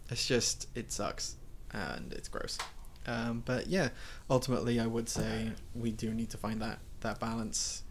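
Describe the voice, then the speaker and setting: A man's voice: medium pitch, steady tone, unhurried, a little hiss or hum. A man co-hosting a podcast, talking earnestly about feelings in a rambling way full of fillers. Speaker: podcast co-host. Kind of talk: casual chat.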